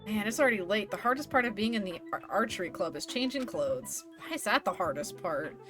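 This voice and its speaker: A woman's voice: mid-range voice, brisk, over music. A woman streaming a game live, reading the dialogue aloud in playful voices and chatting between lines. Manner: animated, reads characters' lines with playful voices and laughs.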